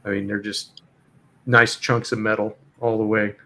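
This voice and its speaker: A man's voice: lowish voice, flat delivery, normal speed, pushed and bright. A man hosting a casual live chat, easygoing and hesitant with lots of fillers. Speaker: host.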